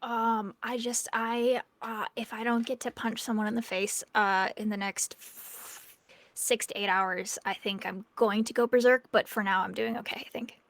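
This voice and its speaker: A woman's voice: a little high, steady tone, normal speed, a bit bright, no echo. A woman playing a tabletop game, chatty and often trailing off mid-sentence. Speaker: player.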